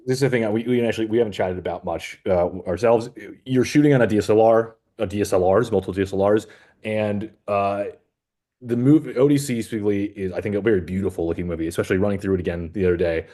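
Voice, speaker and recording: A festival programmer, a man with a fairly low, mellow voice who talks fast, interviews a filmmaker. The chat is casual and chatty, rambling along with many fillers.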